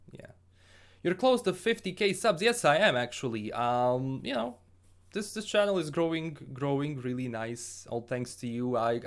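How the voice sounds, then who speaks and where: A man from Bosnia with a Bosnian accent, hosting a casual gaming livestream and answering viewer questions in an upbeat, rambling way with frequent restarts. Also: medium pitch.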